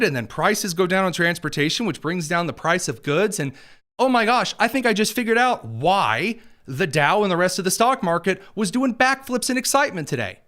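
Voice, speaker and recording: Male host, high-pitched, sarcastic combative monologue. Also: fairly bright tone. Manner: combative and sarcastic, mocking asides. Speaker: political commentary host. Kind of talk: opinion monologue.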